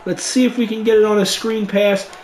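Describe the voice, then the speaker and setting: A young man calls a football video game in a high, excitable voice, dropping to quiet muttering and then shouting at big plays. The room is echoey, with a faint hum behind him. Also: fairly quick. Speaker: gaming YouTuber. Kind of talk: let's play commentary.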